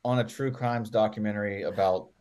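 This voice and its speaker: A man's voice: on the low side, a little fast, slight background noise. A man co-hosting a podcast, chatting playfully and telling goofy stories. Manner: animated, playful storyteller. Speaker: podcast co-host. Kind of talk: casual chat.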